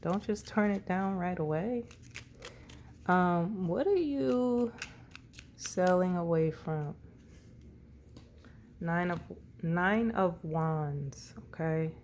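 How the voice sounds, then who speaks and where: A woman's voice: fairly low pitch, drawn-out words, pauses often, darkish tone, a little hiss or hum. A woman doing a casual tarot reading, rambling and often correcting herself. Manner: rambling, self-correcting, tongue-tied. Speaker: tarot reader.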